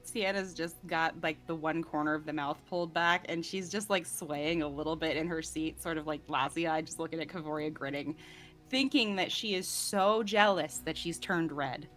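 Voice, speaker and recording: A woman's voice: low-pitched, normal speed, a bit bright, soft background music. A woman playing a tabletop role-playing game, chatting casually, laughing often and describing her character vividly. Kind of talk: casual role-play chat.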